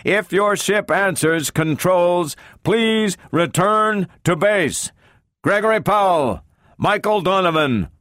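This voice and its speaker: A cold, booming machine voice, as a male narrator puts it on, calling out slowly and mechanically in an audiobook. It sits well above his own low voice and presses each word out loud and evenly, with a repetitive, untiring rhythm. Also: lively intonation, no room sound, full character voice. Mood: commanding. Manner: slow, repetitive, stentorian calling.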